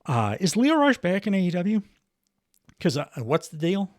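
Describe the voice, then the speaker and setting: A man's voice: high-pitched, huge pitch swings, moderate pace, darkish tone, no echo, clean studio sound. A middle-aged man hosting a podcast, giving a casual, wry wrestling recap full of fillers and chuckles. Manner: rambling, wry, chuckles often, many fillers. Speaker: podcast host.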